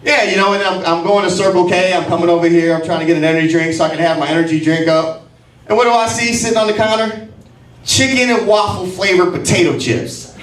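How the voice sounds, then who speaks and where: A brash man in his forties does a profane, mocking stand-up set, and his voice sits fairly high for a man. He is picked up from a distance in an echoey club. Every line is crude. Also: steady tone, fast talker. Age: 40s. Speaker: stand-up comedian. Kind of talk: stand-up routine. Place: comedy club stage.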